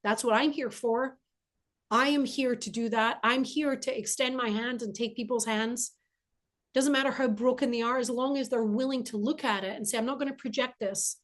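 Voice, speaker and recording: A woman's voice: a little high, fairly even intonation, normal speed. Earnest, emphatic spiritual woman speaker. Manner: earnest and emphatic, repeats key phrases. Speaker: spiritual teacher. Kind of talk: inspirational spiritual monologue.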